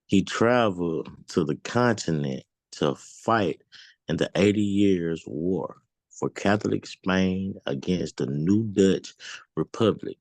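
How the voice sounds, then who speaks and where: A man reading a history text aloud in class, halting and careful over the words. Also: sits low, darkish tone, no echo. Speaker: student.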